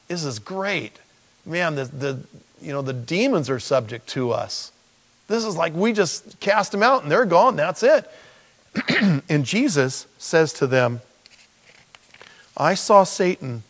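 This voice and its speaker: A man preaching a sermon as pastor, animated and acting out quotes in lively voices. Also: medium pitch. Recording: long hall reverb.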